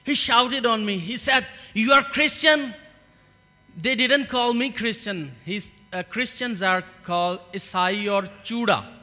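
A man with a Pakistani accent gives a halting church testimony, unhurried and full of pauses. His voice sits high and bright. The sound carries a long hall reverb over a low mains hum. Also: soft background music. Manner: earnest, halting, with many fillers. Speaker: refugee giving testimony in church.

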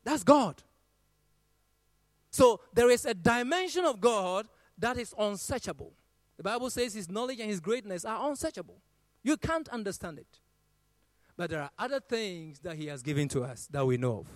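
A man's voice: sits high, expressive, normal speed, dry recording. A man preaching a sermon who quotes scripture in a rising, sung cadence and swells his voice on key lines.

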